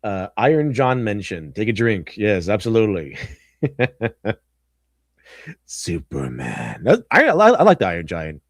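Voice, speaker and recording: A man chats loosely through a livestream, giggling at memes and breaking into goofy voices. His pitch swings up and down all the time. The sound is close and dry, with no room around it. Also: huge pitch swings, unhurried, pauses often, husky, no room sound. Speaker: stream host. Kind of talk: casual livestream chat reacting to memes.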